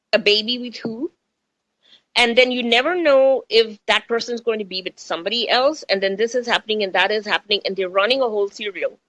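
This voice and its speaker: A woman's voice: mid-range voice, bright, forceful tone, no room sound, poor audio. A middle-aged woman from India with an Indian accent, hosting a spiritual talk radio show in a chatty way and repeating phrases for emphasis.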